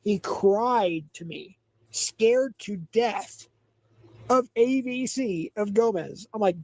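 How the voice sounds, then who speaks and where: A man's voice: high voice, lively intonation, slow, a little mellow, dry recording, poor audio. A man hosting a livestream, chatting casually, gossipy and mocking, repeating himself. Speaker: livestream host.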